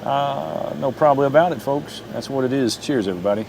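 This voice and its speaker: Faint insect noise sits behind a middle-aged Oklahoma man whose mid-range voice is a little fast and a little mellow. He rambles through a casual camping vlog at his truck on a campsite and talks to his dog.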